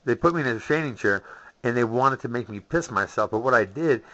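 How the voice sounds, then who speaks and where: A man's voice: medium pitch, animated, quick pace, a bit bright, dull audio. A man telling a rambling story in a profane, ranting monologue, full of asides and curses. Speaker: vlogger.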